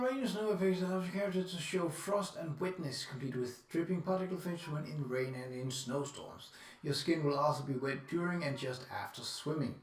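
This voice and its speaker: A man's voice: on the high side, echoey room, recorded from a distance. A man streaming live, casually reading out descriptions and musing aloud with lots of fillers.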